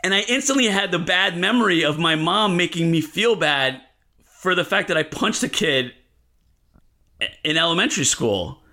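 Bright-voiced man telling wild stories. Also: high-pitched, normal speed. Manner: animated, profane, frequent fillers. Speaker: comedian guest. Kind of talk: comedic storytelling on a podcast.

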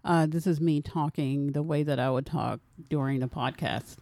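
A woman's voice: low-pitched, steady tone, moderate pace, dark tone, a little hiss or hum. A woman co-hosting a podcast, teasing the others with dry quips. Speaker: podcast co-host. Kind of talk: casual chat.

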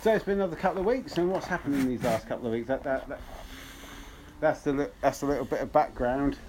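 Man, podcast co-host, casual rambling chat, frequent restarts, mid pitch. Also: fast, noisy background. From Luton, England. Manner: rambling, sweary, with many restarts.

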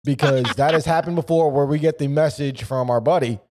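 A man's voice: a little high, fairly quick, darkish tone. A man co-hosting a podcast in casual chat, laid-back and joking, telling stories. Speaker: podcast co-host.

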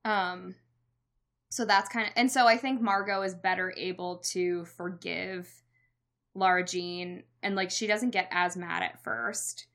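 A woman's voice: lowish voice, unhurried. A young woman in casual chat, telling a story with lots of "like", laughing and acting out quoted lines. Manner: animated storyteller, acts out quotes, frequent "like" and laughs. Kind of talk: casual chat recapping a movie.

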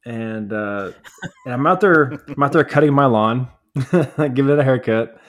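A man from the United States co-hosting a podcast, telling long rambling stories, often laughing and growing animated as he rants. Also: medium pitch, unhurried. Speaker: podcast co-host. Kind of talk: casual chat.

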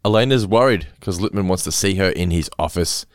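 A man's voice: deep voice, a little fast, dry recording, studio quality. A man co-hosting a podcast, recapping a sitcom in casual chat, laughing often, swearing freely and acting out the lines. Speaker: podcast co-host.

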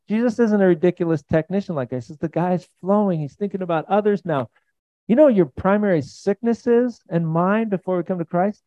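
A man preaching a sermon as pastor, animated and jokey, with sudden loud peaks. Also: high-pitched, moderate pace, dry recording.

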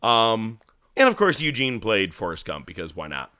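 A man with a low, bright, forceful voice tells stories in an animated, swearing, casual way, acting out quotes as he goes. The sound is close and dry, with no room in it. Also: normal speed, smooth, no room sound. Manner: animated storytelling, swearing, acts out movie lines. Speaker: podcast co-host. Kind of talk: casual wrestling chat.

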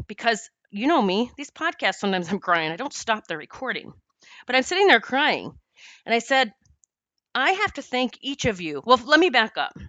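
A woman podcast host telling a personal story in an emotional, animated way. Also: medium pitch, clean tone, no echo.

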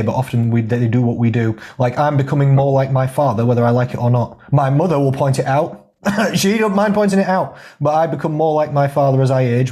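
A man's voice: medium pitch, dark tone. A man, a fitness coach hosting a casual podcast chat, candid and laughing often as he swears freely.

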